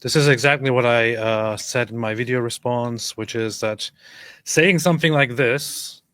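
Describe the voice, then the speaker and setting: A man hosts a live stream in a relaxed, easygoing way, greeting viewers and reading their comments. His voice sits at an average pitch. The sound is dry and close. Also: normal speed, no echo. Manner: relaxed, reads chat comments. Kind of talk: casual live-stream chat.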